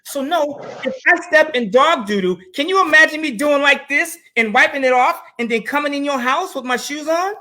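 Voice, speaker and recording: A man co-hosting a casual panel talk, animated and addressing viewers directly as he tells stories. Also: very high voice, normal speed, hardly any pauses. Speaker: co-host.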